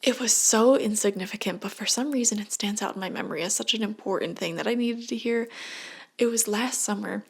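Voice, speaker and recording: A woman giving a relaxed tarot reading late at night from her home. She keeps her voice hushed and often slips into a soft whisper. Her talk is chatty and rambling, full of little tangents, at an everyday middle pitch for a woman. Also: a little fast, vocal fry, breathy edge. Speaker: tarot reader. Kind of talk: casual tarot reading to camera.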